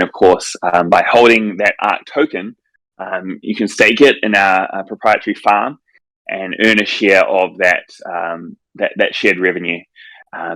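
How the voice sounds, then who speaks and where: A man from a project team calmly explaining details in a casual online AMA, his voice starting to wear, hedging with many "um"s. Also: sits low, dry recording, low-quality recording. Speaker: project team member answering questions.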